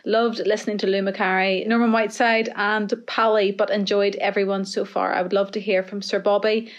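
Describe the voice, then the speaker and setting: A woman's voice: mid-range voice, level tone, fairly quick, highs cut off. A woman co-hosting a football podcast, chatting casually and reading listener emails aloud. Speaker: podcast co-host.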